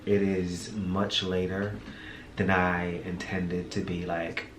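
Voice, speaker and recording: A man's voice: deep voice, level tone, slow. A man hosting his own show, talking casually and candidly to his viewers, a bit tired, laughing often and using slang. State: tired, low energy. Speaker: podcast host. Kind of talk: casual solo vlog talk. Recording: echoey room with audible background noise.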